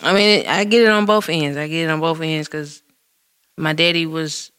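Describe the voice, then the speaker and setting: A woman co-hosting a casual podcast chat, talking in an animated way with laughter and lots of fillers. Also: deep voice, moderate pace, smooth. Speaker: podcast co-host.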